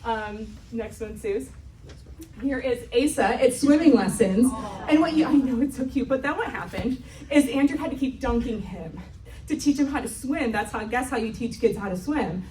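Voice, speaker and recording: A woman's voice: a little high, moderate pace, mellow, distant mic, slight background noise. A woman in her thirties giving a chatty, self-mocking talk at a church retreat, often laughing as she tells family stories. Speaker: retreat speaker. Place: church hall. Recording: echoey hall, mic from afar.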